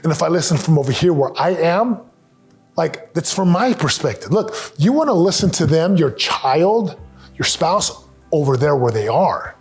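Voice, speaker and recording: A middle-aged man with a fairly high voice delivers an earnest motivational talk on family life. He speaks with emphasis and slips into acted-out quotes. Soft music plays underneath. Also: lively intonation, moderate pace. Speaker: speaker giving family advice.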